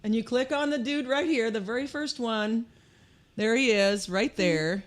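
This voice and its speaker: A woman co-hosting a livestreamed podcast, chatty and quick to laugh and agree. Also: a little high. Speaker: podcast co-host. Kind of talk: casual livestream chat.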